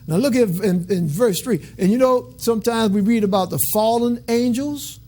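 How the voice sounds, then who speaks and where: A Bible teacher reads scripture aloud during a sermon, breaking off for casual, colloquial asides and checking in frequently with listeners. He speaks a little fast in a high, warm voice with hardly any pauses.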